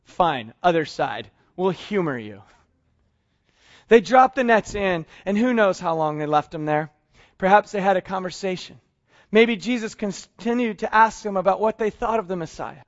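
A middle-aged man preaching a sermon, telling a story in a lively way and acting out the dialogue. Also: high voice, moderate pace, lo-fi sound. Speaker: pastor.

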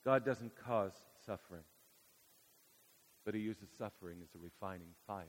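A man preaching a sermon, telling a childhood story with dramatic swings from hushed to loud. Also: on the low side, moderate pace, long reverb tail, a little hiss or hum.

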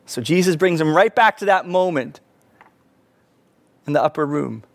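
A man preaching a sermon, earnest, rising to emphatic peaks and falling back soft. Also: fairly high pitch, lively intonation, normal speed, vocal fry, no room sound. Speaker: pastor.

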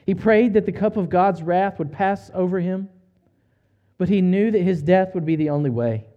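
A man preaching a sermon, retelling a story in an earnest, measured way with slow, emphatic pauses. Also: high-pitched, muffled recording. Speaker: pastor.

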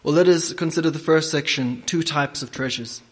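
A man preaching a sermon and leading prayer, speaking deliberately with frequent hesitations. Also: fairly high pitch.

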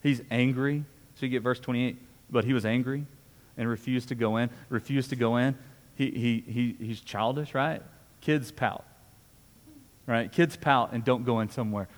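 A man's voice: medium pitch, steady tone, moderate pace. Man preaching in a reverberant hall. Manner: conversational, repeats words, asks "right?". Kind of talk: sermon.

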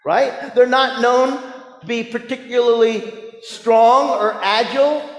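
A man preaching a sermon as pastor, telling stories with humor, rising to emphatic points and dropping soft. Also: very high-pitched, slow pace. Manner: storytelling with humor, emphatic rises and soft drops. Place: church sanctuary. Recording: roomy church with long reverb.

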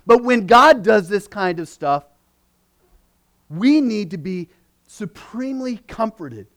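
A male pastor with a notably high voice delivers a sermon. He reads scripture and presses his points with rising, forceful emphasis, then drops back to a quieter, conversational tone. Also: expressive, slow, pauses often. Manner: preaching with swelling emphasis, rising loud on key words.

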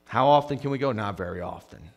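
A male pastor delivers a conversational sermon in a mid-range, expressive voice, talking fast. He swings between loud, emphatic passages and hushed ones, frequently repeating words at the start of a phrase.

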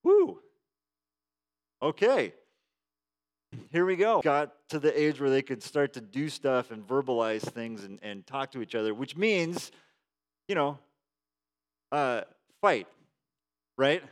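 A male pastor in his thirties preaching a sermon in a conversational, animated way, moving between quiet prayer and lively storytelling. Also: mid-range voice, unhurried, pauses often.

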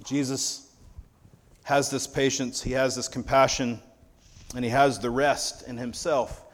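A man's voice: medium pitch, little pitch movement, measured pace. A man preaching a sermon in a conversational, wry storytelling manner. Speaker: pastor.

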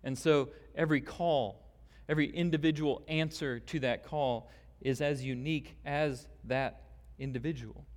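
A man preaching a sermon as pastor, deliberate and emphatic, with long pauses. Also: fairly high pitch, fairly even intonation. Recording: long hall reverb.

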